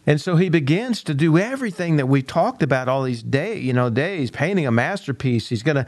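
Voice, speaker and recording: A little high and fairly quick, the voice belongs to an older coach and university teacher delivering a motivational talk. He tells stories animatedly, performing quoted dialogue and at times repeating words, captured in a dry recording.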